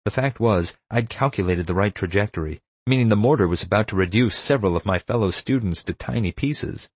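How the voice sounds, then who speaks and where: A man reads a first-person adventure story as an audiobook narrator, keeping his delivery steady and measured. His low, husky voice sits deep in the chest. The sound is close and dry, with no room sound at all.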